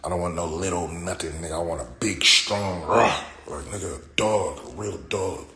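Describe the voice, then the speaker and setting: A man's voice: low voice, fairly even intonation, normal speed, pushed and bright. A man streaming live, telling stories casually in heavy slang with lots of swearing and laughter. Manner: profane, slangy, laughing storyteller. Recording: roomy echo with faint noise.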